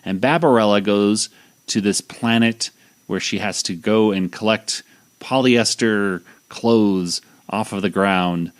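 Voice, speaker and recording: A man's voice: on the low side, slow pace, smooth. A man hosting a podcast, casually recapping a cartoon episode in a rambling way with lots of fillers and restarts. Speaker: podcast host.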